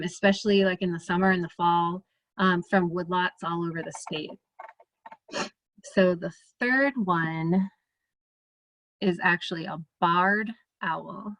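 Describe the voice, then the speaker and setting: A woman with a Midwestern American accent, an ornithologist giving a relaxed, chatty presentation over a video call, full of fillers and restarts. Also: on the low side, measured pace, no echo. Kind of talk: casual presentation.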